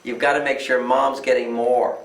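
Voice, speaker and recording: Gravelly, emphatic older man. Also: mid-range voice, level tone, normal speed. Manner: emphatic, acts out quoted voices. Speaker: relationship author, guest. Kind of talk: interview answers. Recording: echoey room, distant mic.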